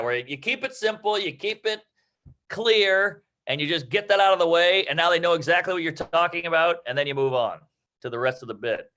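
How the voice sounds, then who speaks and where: A man's voice: a little high, animated, fairly quick, pushed and bright. A man chatting loosely about writing jokes, rambling and swearing, acting out little quoted voices as he goes. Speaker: comedy teacher. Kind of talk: casual comedy-writing chat.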